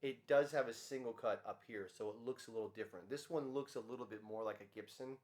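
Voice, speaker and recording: A guitarist casually talking about his guitar in a relaxed, rambling way with lots of ums. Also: mid-range voice, fast talker. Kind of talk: casual gear demo talk.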